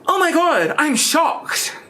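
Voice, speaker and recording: A man's voice: very high voice, sing-song, a little slow, pushed and bright, pitched above the performer's own voice, full character voice. A man putting on the voice of a vain, melodramatic woman who calls herself an actress, gasping and bossy in a comedy vlog sketch. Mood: over-excited. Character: vain dramatic woman, self-proclaimed actress.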